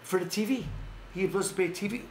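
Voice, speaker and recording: A man hosting a casual boxing news chat, his voice sitting a little high for a man, and he wanders off on tangents, restarts his sentences and laughs as he goes. He is recorded in an echoey room with a faint hum of ambience behind him. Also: very fast. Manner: rambling, self-correcting, laughs often. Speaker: host.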